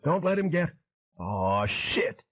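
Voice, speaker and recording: A man's voice: fairly high pitch, very animated, slow, no room sound, voice pushed up, full character voice. A man voicing a furious, hard-bitten bounty hunter who snarls and barks orders in an audiobook. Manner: snarling, seething, barked orders. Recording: tinny phone-like audio.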